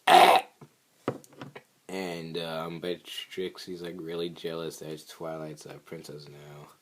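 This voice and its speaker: A man's voice: completely flat delivery, a little slow. A young man, a regular vlogger, recapping a cartoon episode in a rambling, filler-heavy way. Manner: rambling, filler-heavy, squeaky voices for quotes.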